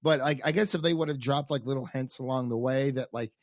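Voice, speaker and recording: A man's voice: mid-range voice, brisk, no room sound. A man with a mid-range voice chats eagerly about a fantasy series on a podcast. He often voices his own past reactions in quotes and rambles with fillers. The recording is close and dry. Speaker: podcast co-host. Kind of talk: casual TV recap chat.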